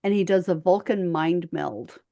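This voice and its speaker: A woman's voice: fairly low pitch, normal speed, vocal fry, mellow, lo-fi sound. A woman co-hosting a podcast, casually chiming in with agreements and quoted lines from an episode. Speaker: podcast co-host. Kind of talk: casual recap chat.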